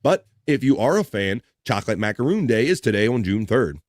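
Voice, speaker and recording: A man hosts a relaxed live stream, rambling through viewer comments with loose jokes and casual swearing. His voice sits in a middle pitch. The sound is dry and close, with no room echo. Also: brisk.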